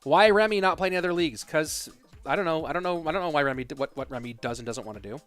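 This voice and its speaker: A man casts an esports tournament on a live stream, his fairly high, fairly bright voice expressive and rapid-fire, with faint music behind him. Between matches he chats casually and answers viewer questions, using lots of ums and uhs.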